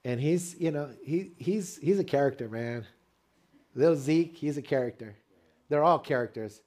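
An older man preaching a sermon, telling a family story with lively call-and-response to the congregation. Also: on the high side, normal speed. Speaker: pastor.

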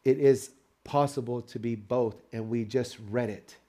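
An older man preaching a sermon, telling a family story with lively call-and-response to the congregation. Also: medium pitch, a little slow. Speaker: pastor.

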